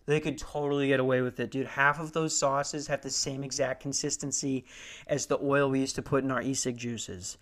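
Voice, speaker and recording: A man's voice: medium pitch, level tone, moderate pace, fairly bright tone. A young man doing stand-up, telling a story in a profane, sarcastic rant. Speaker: stand-up comedian.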